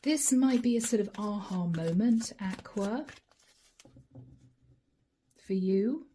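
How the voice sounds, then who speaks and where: A hoarse woman giving a channeled tarot reading, musing aloud and speaking straight to viewers by star-sign nickname. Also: mid-range voice, animated, slow, warm tone, slight background noise. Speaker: tarot reader.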